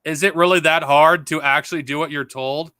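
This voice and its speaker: Male stream host: sarcastic, profane commentary, bright and fairly high. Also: steady tone, brisk, smooth, no echo. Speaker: livestream host. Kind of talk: live commentary on a played clip.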